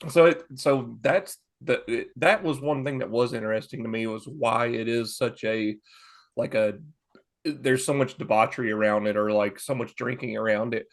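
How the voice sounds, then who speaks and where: A man's voice: mid-range voice, moderate pace. A man co-hosting a casual podcast, talking in rambling, restarting stretches and swearing freely. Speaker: podcast co-host.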